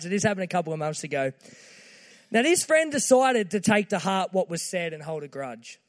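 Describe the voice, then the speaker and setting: Man, high voice, earnest casual sermon delivery. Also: in a large hall. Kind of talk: short timed sermon.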